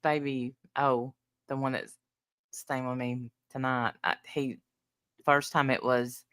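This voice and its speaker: A woman in her fifties co-hosts a casual chat, frank and wry as she tells family stories. Her voice is very low for a woman yet bright and forceful, and it is recorded dry and close. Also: level tone, slow, clear, resonant tone, dry recording. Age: 50s.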